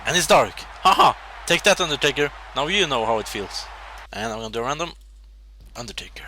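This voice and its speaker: A young man giving casual, excitable commentary over a wrestling video game as he plays, swearing and laughing at his own slips. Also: medium pitch, quick pace, slight background noise. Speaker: gameplay commentator.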